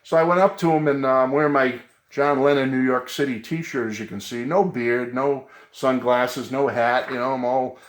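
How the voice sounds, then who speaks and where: A man's voice: medium pitch, fairly even intonation, normal speed, hardly any pauses. Earnest rambling man in an echoey room. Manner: rambling, earnest, many ums and uhs. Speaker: vlogger. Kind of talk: casual tribute vlog. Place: home music room.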